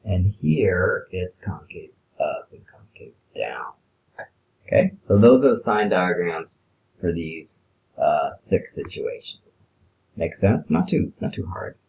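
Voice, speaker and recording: A man's voice: deep voice, big pitch swings, slow, creaky, a little mellow, muffled recording. A man talking through a math worksheet in a casual screencast lesson, explaining step by step with filler words. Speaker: math teacher.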